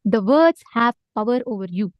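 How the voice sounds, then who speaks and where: A woman's voice: a little high, animated, moderate pace, no echo, dull audio. A woman with an Indian English accent teaching a live online spiritual session, earnestly urging listeners to respond.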